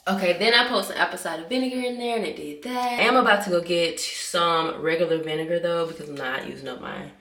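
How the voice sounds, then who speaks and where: A woman's voice: lowish voice, quick pace, hardly any pauses, fairly bright tone, echoey room, a little hiss or hum. A woman, talking to camera in a casual vlog, chatty and blunt, swearing freely. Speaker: vlogger.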